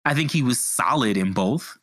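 A man chatting about movies on a podcast, lively and quick to laugh. His voice is bright, with an expressive, moving pitch. The sound is close and dry. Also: dry recording. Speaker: podcast co-host. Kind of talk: casual podcast chat about film.

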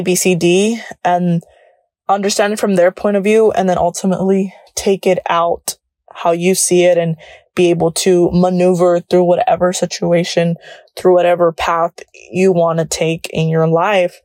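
A woman's voice: lowish voice, a little mellow, no echo, clean studio sound. A woman in her early twenties hosting a solo podcast, chatting in a bubbly way, laughing often and slipping between English and Spanish. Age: early 20s. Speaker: podcast host.

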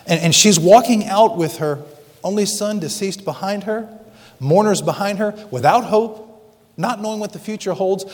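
A man preaching a sermon dramatically, slowing down for emphasis. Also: high voice, darkish tone. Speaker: pastor. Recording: long reverb of a large hall.

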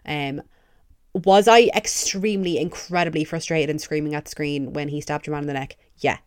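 A young woman hosting a podcast, gushing excitedly and swearing a lot in a casual fan review. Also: low voice, moderate pace, clean tone, no room sound, studio quality. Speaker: podcast host.

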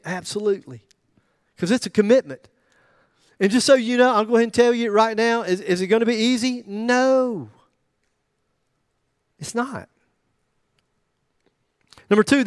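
Middle-aged guy preaching, high voice, jokey and chatty with the crowd. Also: no echo, clean studio sound. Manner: jokey, conversational preaching with asides to the congregation. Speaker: pastor. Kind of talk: sermon.

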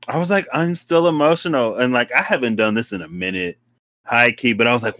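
Bright, animated young man chatting. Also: brisk, dry recording. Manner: animated, laughs often, jumps into high-pitched quoted voices. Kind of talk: casual chat.

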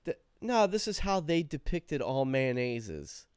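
A man's voice: mid-range voice, big pitch swings, a little slow, a little mellow, clean tone, no room sound, clean studio sound. A man casually chatting as podcast co-host about a TV episode, swearing and laughing easily.

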